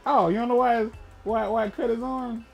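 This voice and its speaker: A man co-hosting a gaming podcast, casually and profanely retelling a film, with bursts of loud emphasis. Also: extremely high pitch, fairly even intonation, normal speed, gravelly, muffled recording, soft background music.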